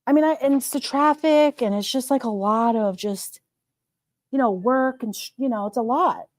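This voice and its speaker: A woman hosting a casual livestream, reading viewer comments aloud and chatting about them in an animated way, laughing often. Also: a little high, moderate pace, no room sound. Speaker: livestream host.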